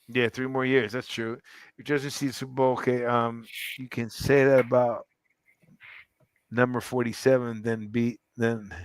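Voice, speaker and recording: A man hosting a casual sports podcast, talking in an animated, rambling way with many restarts. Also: mid-range voice, moderate pace, no echo. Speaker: podcast host. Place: club in downtown Fort Lauderdale.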